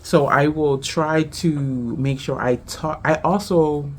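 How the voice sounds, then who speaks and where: A woman from Charleston, South Carolina with a Geechee accent, hosting a casual podcast, talking fast and tripping over her words. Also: low-pitched, darkish tone, slight background noise. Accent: Gullah Geechee, Charleston, South Carolina. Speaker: podcast host. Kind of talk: casual family podcast chat.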